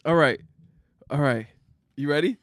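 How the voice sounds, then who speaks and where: A man's voice: on the high side, a little slow, no echo. A man co-hosting a casual chat show, teasing his partner and laughing often. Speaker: podcast co-host.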